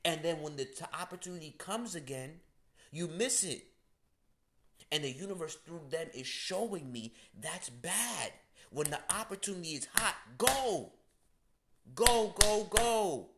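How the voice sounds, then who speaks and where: A man's voice: on the high side, lively intonation, moderate pace, fairly bright tone, a little hiss or hum. Blunt, profane man ranting casually. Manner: blunt, profane, slangy, emphatic. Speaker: astrology channel host. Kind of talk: casual direct-to-camera rant.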